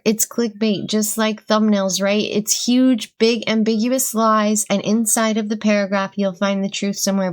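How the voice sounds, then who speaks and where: Female co-host, casual and chatty, rambles in asides. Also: medium pitch. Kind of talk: casual chat.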